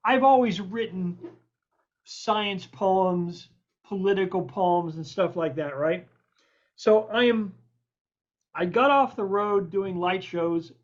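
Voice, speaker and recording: A middle-aged man hosting an interview, telling stories in a lively, profane, colloquial way. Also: high-pitched, muffled recording. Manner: animated, profane, colloquial storyteller. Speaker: podcast host. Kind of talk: storytelling interview chat.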